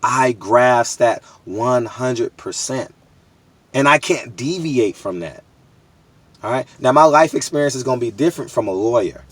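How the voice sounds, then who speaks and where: A man's voice: mid-range voice, lively intonation, unhurried, no echo. A man in his thirties from the United States, talking straight to his viewers in a candid, emphatic, street-casual monologue full of repeats. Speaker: boxing media vlogger.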